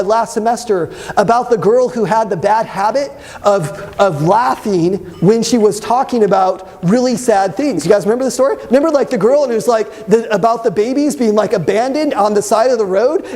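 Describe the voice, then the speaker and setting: Man, high voice, young adult, debate teacher, lively lecture, questions to students. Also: fairly quick, hardly any pauses. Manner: animated, asks the class questions. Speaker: debate instructor. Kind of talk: classroom lecture.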